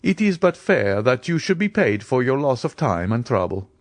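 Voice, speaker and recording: A man reading an audiobook voices a calm, wealthy count who gives orders offhandedly, with a lively, rising delivery. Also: mid-range voice, normal speed, dry recording, pitched above the performer's own voice. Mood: nonchalant. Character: cool, wealthy nobleman buying a house.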